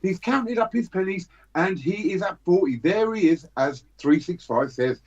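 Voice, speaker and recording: A British man hosting a charity livestream, running a joking fast-patter auction of a silver bar. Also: high-pitched, animated, darkish tone. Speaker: livestream host. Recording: dull lo-fi stream audio.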